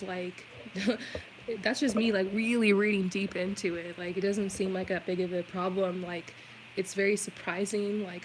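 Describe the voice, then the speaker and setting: A woman's voice: lowish voice, a bit bright, slight background noise, low-quality recording. A woman giving a tarot reading on a live stream, talking in a chatty, reassuring way with many "like" fillers. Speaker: tarot reader.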